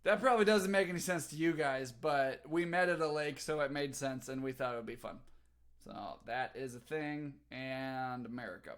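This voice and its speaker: A man's voice: mid-range voice, moderate pace, fairly bright tone. A young man, a teacher, chatting casually on a livestream from home, reading the chat aloud and talking while he eats.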